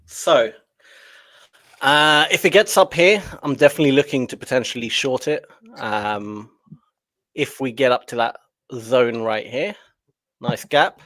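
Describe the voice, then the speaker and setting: A man's voice: medium pitch, a little slow, pauses often. Laid-back man talking trades. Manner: relaxed, chatty, laughs easily. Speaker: trading coach. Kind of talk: casual live-stream chat.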